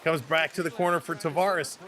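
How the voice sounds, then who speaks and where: Canadian male livestream commentator, slightly high-pitched, energetic play-by-play with chat shout-outs. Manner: fast, excitable calls, greets chat viewers. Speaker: play-by-play host.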